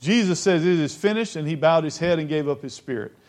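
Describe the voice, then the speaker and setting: A man preaching a Bible lesson who reads verses aloud, stresses key phrases slowly and asks his listeners questions. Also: a little high, expressive, darkish tone.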